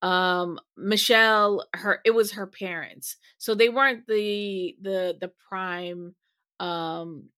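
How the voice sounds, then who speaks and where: A woman co-hosting a podcast, asking questions in a thoughtful, halting way with many pauses. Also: medium pitch, fairly even intonation, sharp tone, clean tone, dry recording, studio quality. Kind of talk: casual interview discussion.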